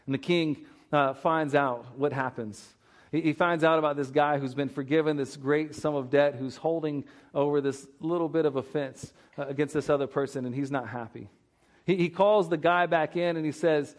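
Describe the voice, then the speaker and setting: A male pastor preaching a sermon in a relaxed, conversational way, earnest, often repeating words as he thinks aloud. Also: fairly high pitch, moderate pace. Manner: conversational, retells scripture with acted-out dialogue.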